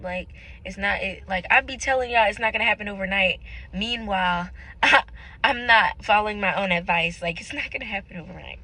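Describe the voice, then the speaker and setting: A woman's voice: medium pitch, sharp tone, a little hiss or hum, rough recording. A young woman vlogging about her faith, talking casually and candidly to her viewers in an earnest, searching way. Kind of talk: casual confessional talk to camera.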